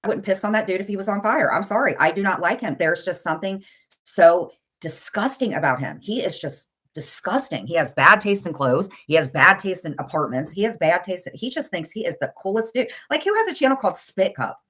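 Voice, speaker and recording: Middle-aged woman, low-pitched, blunt and insulting, casual ranting streamer. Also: lively intonation, a little fast, fairly bright tone, breathy edge. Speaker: livestream commentator.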